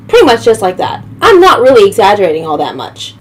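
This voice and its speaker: A woman telling a comedic story as an animated, exasperated rant, swearing often. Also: medium pitch, a little fast, hardly any pauses.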